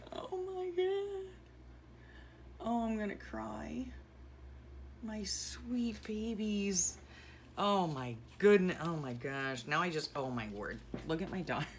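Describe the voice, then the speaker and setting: A woman's voice: low voice, a little hiss or hum. A middle-aged woman vlogging casually while packing, sentimental and gushing, rambling with self-correcting asides.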